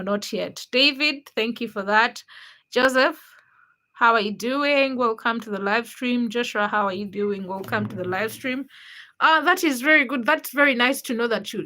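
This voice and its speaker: Bright-voiced woman hosting a livestream. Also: a little high. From Uganda. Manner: chatty, greets viewers by name, teasing, laughs often. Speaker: livestream host. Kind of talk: casual live stream chat reading viewer comments.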